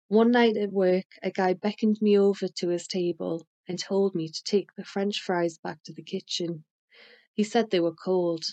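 A woman narrating a first-person audiobook in a measured, unhurried way. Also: medium pitch, a little mellow.

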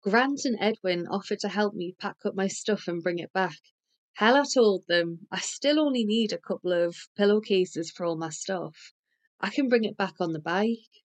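A woman reading a first-person audiobook. She narrates in a measured, unhurried way. Her voice sits at a middle pitch.

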